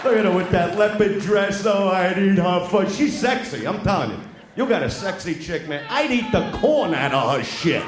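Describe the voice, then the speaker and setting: A man doing a crude stand-up routine in front of a live audience. He is loud and brash, taunts people in the crowd and often shouts. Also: sits high, big pitch swings, moderate pace. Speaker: stand-up comedian. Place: large live venue with an audience. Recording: echoey live show with crowd noise.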